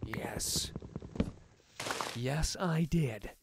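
A young man streaming a game, joking at himself and trying out halting, clumsy Spanish. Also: mid-range voice, heavy background noise. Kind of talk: casual gaming livestream chat.

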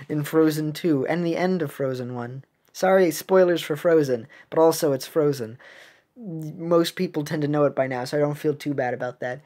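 A woman's voice: deep voice, a little mellow. A woman casually commenting on a mobile game update and reading its story text aloud, making puns, correcting herself and laughing at her own jokes. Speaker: game video creator.

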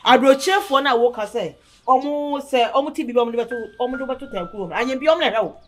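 A woman's voice: high voice, rapid-fire, lightly acted. A woman with a Ghanaian accent acting an indignant woman who tells a guest to leave, speaking emphatically. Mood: scolding. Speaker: actress in a web drama. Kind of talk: dramatic dialogue.

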